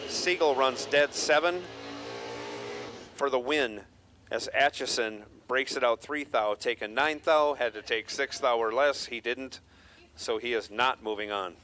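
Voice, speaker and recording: Steady bright male race co-announcer. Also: mid-range voice, a little slow. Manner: steady, joking play-by-play. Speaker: drag racing co-announcer. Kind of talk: live race commentary.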